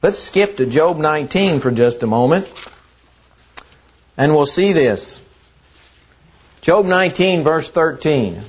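A male preacher delivers a sermon at an unhurried, deliberate pace. He talks earnestly and leans on repeated phrases to drive each point home. His voice sits slightly high for a man. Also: expressive, slightly rough.

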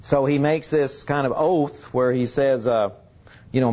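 Male Bible teacher, casual and halting, mid-pitched, dull lo-fi recording. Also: fairly even intonation, dark tone. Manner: halting, with many fillers and restarts.

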